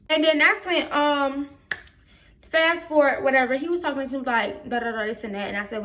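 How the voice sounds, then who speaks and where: A woman's voice: sits high, moderate pace. A teenage girl, animatedly retelling a school story in a casual storytime vlog. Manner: animated retelling with quoted voices. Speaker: vlogger.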